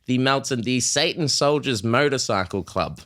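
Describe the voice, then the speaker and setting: A man's voice: mid-range voice, moderate pace, sharp tone. An Australian man in his thirties, a podcast co-host telling rambling stories in casual chat, with frequent fillers.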